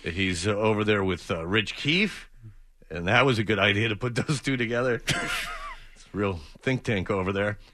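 Male radio host, bright, lively, dry studio, sarcastic. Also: lowish voice, moderate pace, no echo. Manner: sarcastic, mocking. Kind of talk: sports radio banter.

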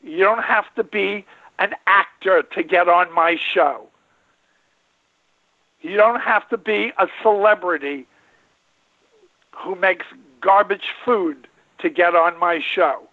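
With a high pitch, slow delivery and frequent pauses, the aging radio host and veterinarian rambles in a folksy manner, repeating himself to drive points home. There's no echo, just tinny phone-line sound.

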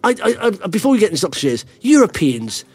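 Man, podcast host, rapid-fire talk, excitable, rambling. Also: high-pitched, breathy edge, no echo. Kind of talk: casual investing podcast chat.

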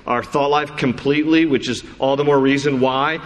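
Steady in tone, medium-pitched and at a normal pace, this pastor keeps starting his sentences over while weaving scripture into a chatty sermon. His voice rings with a long hall reverb.

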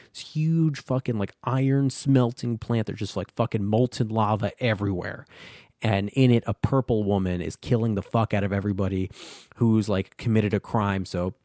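A man's voice: fairly low pitch, darkish tone, dry recording, studio quality. A man hosting a comic book podcast, recapping an issue in a loose, rambling way and swearing often.

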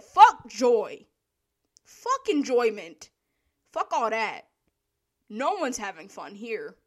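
Animated, profane young woman telling stories. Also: a little high. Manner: animated, profane, laughing storyteller. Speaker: store worker telling work stories. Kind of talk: casual storytime monologue.

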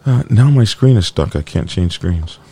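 A man with a gravelly, fairly low voice hosts a casual biker news live stream. His pitch jumps around a lot as he rambles and jokes. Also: lively intonation, moderate pace, dark tone. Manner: rambling, joking, talks to his dog mid-show. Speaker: biker news show host.

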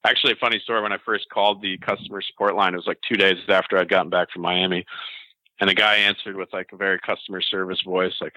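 A man telling an interviewer a story in a casual, animated way, laughing at himself. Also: low-pitched, quick pace, no room sound, poor audio. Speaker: interview guest.

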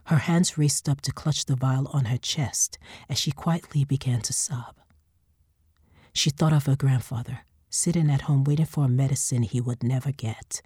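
A woman narrating a story in a calm, steady reading. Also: very deep voice, normal speed, husky, no echo, clean studio sound.

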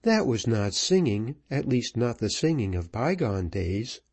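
A man reading a novel aloud, voicing a gentle, wistful woman who was once a celebrated singer. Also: medium pitch, very animated, measured pace.

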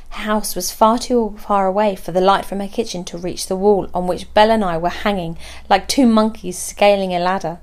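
A woman's voice: medium pitch, fairly even intonation, normal speed, few pauses. Woman reading a story aloud. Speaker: audiobook narrator. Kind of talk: first-person storybook narration.

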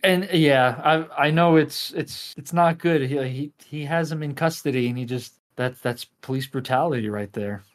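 A man's voice: on the high side, moderate pace, few pauses. A man co-hosting a casual movie podcast, joking and often repeating words as he restarts. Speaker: podcast co-host.

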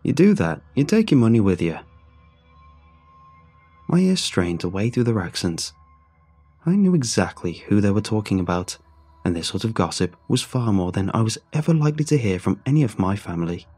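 A man narrating a first-person story in a measured, reflective way. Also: lowish voice, big pitch swings, darkish tone, husky, soft background music.

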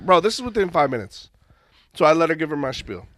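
Animated high-voiced man telling a story. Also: fast. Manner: animated storyteller who acts out phone calls in a high mimicking voice. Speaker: podcast co-host, restaurant owner. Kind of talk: casual chat, storytelling.

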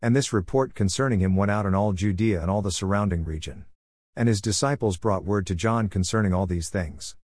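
A man with a low voice reads scripture in a steady, measured manner. The recording is dry and close, with no room sound around him. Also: no room sound. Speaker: scripture reader. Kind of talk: scripted Bible reading.

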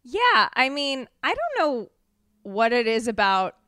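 Smooth-voiced woman host, dry sound. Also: a little high, huge pitch swings, measured pace, pushed and bright, dry recording. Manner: sympathetic, conversational questioner. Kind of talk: casual interview.

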